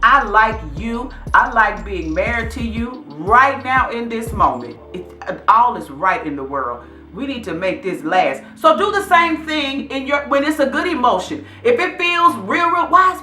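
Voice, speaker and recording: A woman's voice: on the high side, sing-song, measured pace, sharp tone, reverberant, faint music behind. A middle-aged woman hosting her own vlog, talking casually and encouragingly to her viewers and calling them y'all. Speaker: vlog host.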